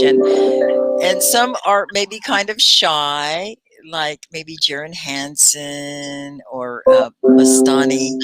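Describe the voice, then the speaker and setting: A middle-aged woman from Texas hosting a live online English lesson, chatty and clearly articulated, greeting viewers by name. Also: fairly low pitch, fairly bright tone. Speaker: English teacher and livestream host.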